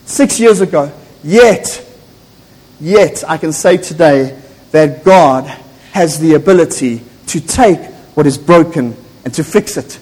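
High-voiced pastor preaching. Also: male voice, lively intonation, slow, darkish tone. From South Africa. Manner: impassioned, emphatic preaching. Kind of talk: sermon. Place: church. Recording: echoey church hall.

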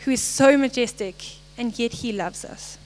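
A young woman giving a short, earnest devotional message, halting now and then and apologizing as she goes. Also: fairly high pitch, poor audio. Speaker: lay speaker.

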